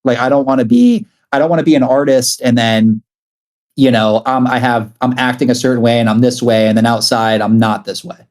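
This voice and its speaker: This is a man talking as a guest on a podcast in loose, casual conversation. He rambles through his stories, stacking up filler words and dropping frequent curses. His voice sits at an ordinary, mid-range pitch for a man. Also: steady tone, brisk, a little mellow. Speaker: guest music producer and artist.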